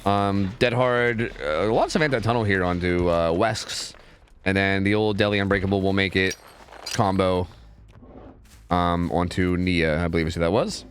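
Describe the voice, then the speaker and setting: A man casting game scrims on a live stream in a casual, chatty way, often repeating words in quick bursts. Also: low voice, a little hiss or hum.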